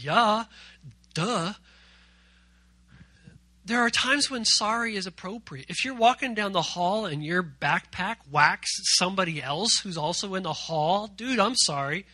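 Youth pastor, male, very bright, high voice; playful, jokey sermon delivery that keeps quizzing the room. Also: no room sound.

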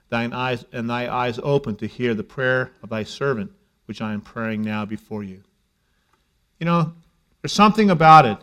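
A middle-aged male pastor preaching a sermon in a conversational way, dropping to a hush and then rising to emphasis. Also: a little high. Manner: conversational preaching, shifts between hushed and emphatic.

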